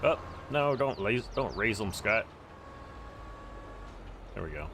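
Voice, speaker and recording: A man's voice: on the low side, very animated, slow, noisy background. A man hosting a casual gameplay livestream, chatting to viewers and greeting them by name as he plays. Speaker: livestream host.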